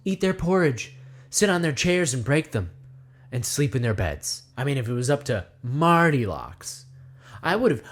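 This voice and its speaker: A man delivering a rambling satirical monologue, speaking of himself in the third person and firing off rhetorical questions. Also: fairly high pitch. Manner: acts out voices in quick asides. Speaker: comedy video essayist.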